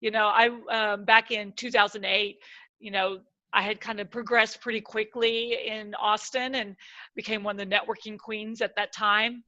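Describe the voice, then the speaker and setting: A woman speaker telling stories in conversation, animated and acting out her own excited quoted lines. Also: medium pitch, moderate pace, no room sound, lo-fi sound. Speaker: guest speaker. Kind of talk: lively storytelling in conversation.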